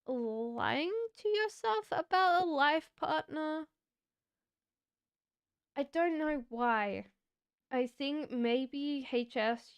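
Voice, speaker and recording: A woman doing a live-stream tarot reading, talking in a slow, reflective, chatty way and giggling now and then. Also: high-pitched, clean tone, dry recording, clean studio sound. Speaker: tarot reader.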